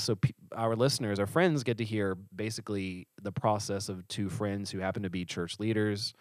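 Low-voiced man telling stories on a podcast. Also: fairly quick, dry recording, clean studio sound. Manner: animated storyteller who acts out quoted voices. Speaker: podcast co-host and church leader. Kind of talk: casual podcast chat.

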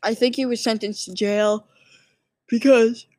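A woman's voice: fairly high pitch, steady tone, a little slow, darkish tone, dry recording. A sleepy woman casually rambling through a movie plot summary, full of fillers and restarts. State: sleepy, yawning. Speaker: movie recap vlogger.

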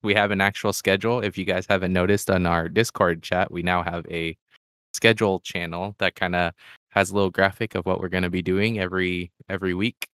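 Deep, laid-back man co-host. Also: little pitch movement, fairly quick, a bit bright, clear, resonant tone, no echo, studio quality. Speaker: podcast co-host. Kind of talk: casual podcast chat.

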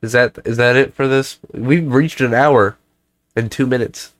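A man's voice: medium pitch, steady tone, unhurried, no room sound. A young man co-hosting a podcast while sick, with sniffles and coughs in his voice. He rambles in a playful, chatty way, and the close mic sounds dry with no room in it. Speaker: podcast co-host. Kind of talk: casual chat.

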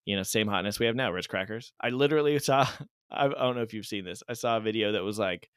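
A man's voice: fairly low pitch, fast talker, clear, resonant tone, no room sound, clean studio sound. A man co-hosting a podcast in casual chat. He tells long, rambling stories, makes jokes and pokes fun at himself. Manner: rambling, joking storyteller; self-deprecating. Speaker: podcast co-host.

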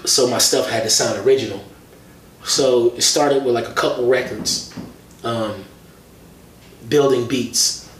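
Man telling animated stories, roomy distant sound. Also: medium pitch, measured pace, long pauses. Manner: animated storytelling with slang. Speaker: hip-hop artist and guest. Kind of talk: casual interview conversation. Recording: roomy, distant mic, faint noise.

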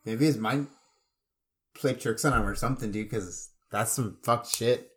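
A man's voice: mid-range voice, measured pace. A man co-hosting a casual podcast, reacting to a ghost story with cursing and easy laughter. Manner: profane, reactive, laughs easily. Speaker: podcast co-host. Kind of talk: casual chat.

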